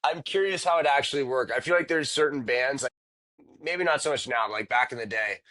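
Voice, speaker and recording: A man's voice: mid-range voice, brisk, pushed and bright, no room sound. A man co-hosting a podcast in casual chat, joking and rambling with frequent swearing. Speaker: podcast co-host.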